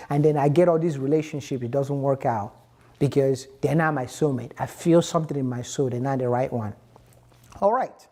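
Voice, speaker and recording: A young man gives an upbeat, preachy motivational vlog monologue. His voice is mellow and warm, and he pauses and restarts mid-sentence. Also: on the high side. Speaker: motivational vlogger.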